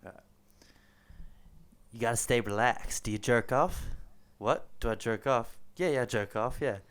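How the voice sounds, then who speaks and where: Man doing a low, cocky broker mentor. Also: fairly bright tone, clear, resonant tone, lightly acted. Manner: slow, low, self-assured. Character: smooth-talking male stockbroker mentor, cocky.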